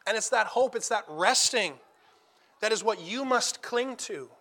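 A high, bright male voice preaching a sermon with earnest conviction. He moves between quiet, intimate storytelling and loud, emphatic declarations, repeating phrases for weight. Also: lively intonation, a little slow.

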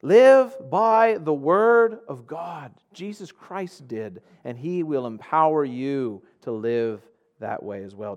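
A man pastor preaching a sermon to his congregation, earnest, moving between hushed low passages and raised emphatic ones.

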